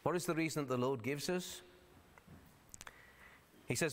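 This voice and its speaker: A man's voice: mid-range voice, moderate pace, pauses often, a little hiss or hum. A male pastor delivering a sermon in a conversational, explanatory way, sometimes reading scripture in old-fashioned wording. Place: church sanctuary. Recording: long church hall reverb.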